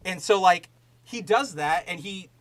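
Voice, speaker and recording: A high-voiced man hosts a casual podcast with live chat, speaking a little slowly on a low-quality recording. He rambles and rants animatedly, swearing plenty, with many fillers and restarts.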